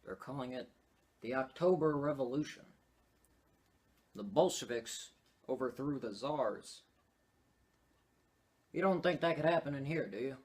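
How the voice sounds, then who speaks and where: A man's voice: mid-range voice, expressive, measured pace, long pauses, close to an everyday voice. A man playing a bossy, scheming male president who talks in a blustering, dismissive way.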